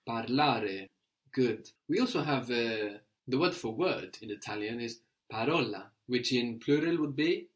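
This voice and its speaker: A man leads a language lesson at an even, middle pitch. He prompts the learner with questions and draws out each example phrase slowly and clearly. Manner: patient, prompting questions, slows to model phrases. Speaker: language teacher.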